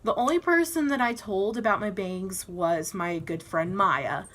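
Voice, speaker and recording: A woman's voice: medium pitch, measured pace. Giggly young woman telling a vlog story. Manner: giggly, animated, acts out quoted voices. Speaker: vlogger. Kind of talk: casual storytelling to camera.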